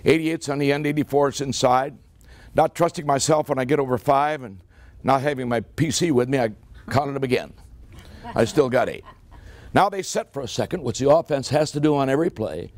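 A man's voice: medium pitch, a little fast, a little mellow. An older American man giving a humorous after-dinner speech, telling a football story in a folksy, punchy way and acting out the dialogue. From United States. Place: club meeting hall.

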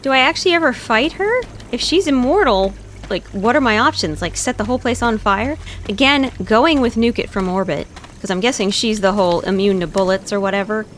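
A woman's voice: a little high, brisk, hardly any pauses, slight background noise. A young woman streamer chatting casually to her viewers while playing a game, often flustered and panicky. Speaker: gaming streamer. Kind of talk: casual gameplay commentary.

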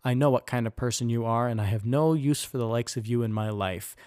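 A man voicing a proud, heartbroken young woman in a measured storybook reading. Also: medium pitch, a little mellow, clear, resonant tone, no room sound, clean studio sound, natural voice. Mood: cold defiance.

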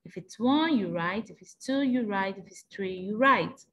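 A woman's voice: medium pitch, lively intonation, moderate pace, lo-fi sound. A woman teacher taking young pupils through an exam revision lesson, asking patient prompting questions in a sing-song way.

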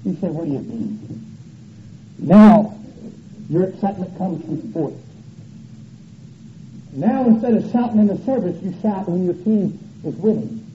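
A man preaches a revival sermon with a very high, strained voice. He is folksy and animated and swings from loud to soft. The sound is an echoey church sanctuary on dull, muffled old tape. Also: measured pace, pauses often, slight background noise.

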